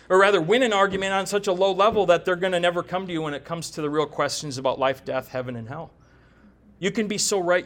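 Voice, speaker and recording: With a high, slightly bright voice, this man in his forties, who is both a tattoo artist and a preacher, shares personal testimony in a sermon. His delivery is lively and chatty, punctuated by frequent "right?"s.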